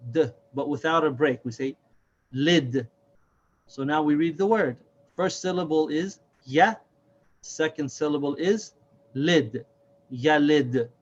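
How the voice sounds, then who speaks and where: A man's voice: a little high, muffled recording. A man teaching a reading lesson step by step, patiently sounding out and repeating each syllable.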